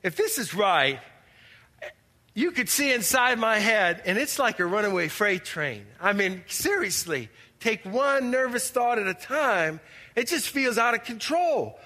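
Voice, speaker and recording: Man playing a frazzled churchgoer praying aloud, high, lively and bright, slow and stammering, long hall echo. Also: exaggerated voice. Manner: exasperated, pleading, stammering restarts. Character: anxious, overwhelmed churchgoing man pleading with God. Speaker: actor in skit. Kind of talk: church drama monologue. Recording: reverberant hall.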